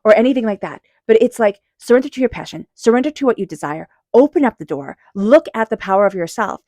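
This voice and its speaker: A woman's voice: a little high, lively intonation, fast talker, no room sound, clean studio sound. A woman giving a casual spoken tarot reading, earnest and encouraging, often repeating herself with filler words. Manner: quiet repeated chanting while shuffling. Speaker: tarot reader.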